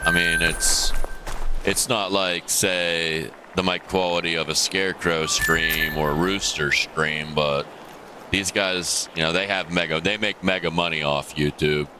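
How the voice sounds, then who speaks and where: Deep-voiced man chatting on a game stream. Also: steady tone, unhurried. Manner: rambling, many fillers and restarts. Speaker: gaming streamer. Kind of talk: casual live-stream chat. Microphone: gaming headset. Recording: gaming headset mic with clear background noise.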